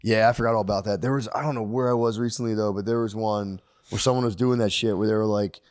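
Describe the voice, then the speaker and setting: A man's voice: fairly low pitch, steady tone, fast, a little mellow. A man in his thirties co-hosting a podcast, telling profane, exasperated stories in casual chat. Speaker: podcast co-host.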